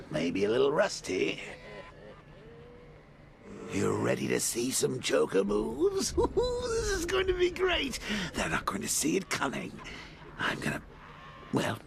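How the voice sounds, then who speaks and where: A taunting video game clown villain with a gravelly voice that leaps all over its range. He drags out his words mockingly, and a hiss of noise sits behind him. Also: high voice, wildly swooping pitch, slow, long pauses, full character voice. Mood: gleeful. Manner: mocking, sing-song, swings from whisper to shout. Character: manic taunting male clown villain, gleeful and cruel.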